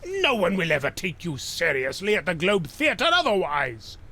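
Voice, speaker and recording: An actor voicing a haughty, pompous stage actor in a video game. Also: male voice, high voice, wildly swooping pitch, normal speed, pushed and bright, heavily acted. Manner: pompous, theatrical.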